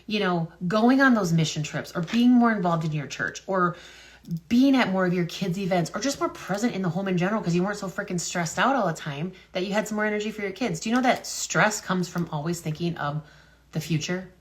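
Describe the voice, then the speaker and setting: A woman's voice: medium pitch, brisk. A woman talking casually to her viewers in a vlog, rambling and wondering aloud with lots of fillers and restarts. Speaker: health and business content creator. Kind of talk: casual talk-to-camera vlog.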